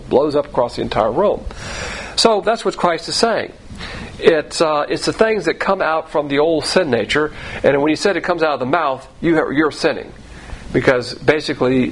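A man's voice: on the high side, a little hiss or hum, rough recording. Man teaching Bible verses, chatty. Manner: conversational, repeats phrases, restarts sentences.

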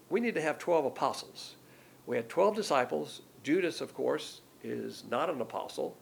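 Gravelly blunt-talking preacher man. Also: mid-range voice. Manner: conversational, blunt, emphatic asides. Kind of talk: expository Bible teaching.

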